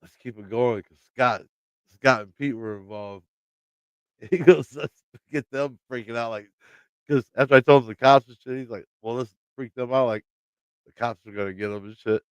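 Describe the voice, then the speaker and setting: Midwestern man, livestream host, loose rambling storyteller, smooth clear voice, dry close sound. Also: medium pitch, normal speed, dry recording. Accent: American Midwestern. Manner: rambling, swears freely, laughs often. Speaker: channel host talking to live chat.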